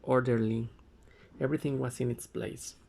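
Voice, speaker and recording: Slow, gravelly man reading aloud. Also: mid-range voice, little pitch movement, a little mellow. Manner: halting, frequent stumbles and self-corrections. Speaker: amateur reader.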